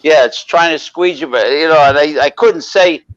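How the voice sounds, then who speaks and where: A man's voice: a little high, normal speed. A man co-hosting a casual talk show, rambling through anecdotes and greeting viewers in the chat. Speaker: podcast co-host. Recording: dry, dull lo-fi mic.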